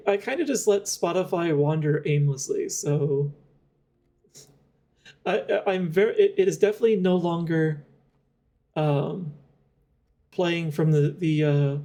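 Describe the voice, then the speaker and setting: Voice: mid-range voice, unhurried, pauses often, warm tone. A young adult game streamer chatting casually while playing, rambling and thinking aloud with frequent laughs. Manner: rambling, giggly, thinks aloud with many fillers.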